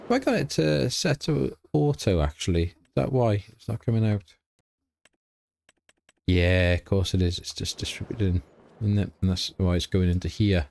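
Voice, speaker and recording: A middle-aged man, hosting a relaxed farming game let's play, chatting easily and thinking aloud as he plays. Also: lowish voice, moderate pace, gravelly. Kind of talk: casual game commentary.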